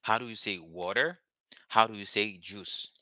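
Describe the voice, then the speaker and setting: A man's voice: fairly low pitch, normal speed, sharp tone, no echo, clean studio sound. A man teaching a live language lesson, patiently repeating words and phrases for his students.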